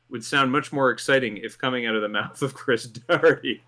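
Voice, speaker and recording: A man's voice: medium pitch, fairly quick, few pauses, sharp tone. A man hosting a commentary show, reading a script in an amused tone and laughing through his lines. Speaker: host.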